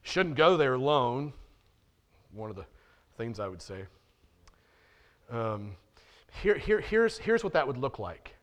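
A man's voice: medium pitch, big pitch swings, takes it slowly, long pauses, a bit bright. A man preaching a sermon as pastor in a church, talking directly to his listeners and often asking rhetorical questions.

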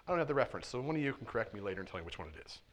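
A man preaching a sermon in a conversational way, swinging between loud emphasis and quiet, hushed asides. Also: lowish voice, sing-song, rapid-fire. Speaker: pastor. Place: church sanctuary.

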